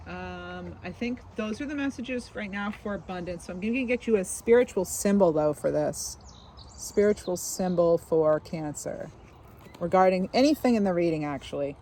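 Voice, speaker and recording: A woman with a slightly low voice gives a tarot reading out of doors. She muses her way through each card, easy and intuitive, with plenty of fillers and small asides. Faint outdoor noise sits behind her voice. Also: a little slow, a little mellow. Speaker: tarot reader. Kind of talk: casual spoken tarot reading.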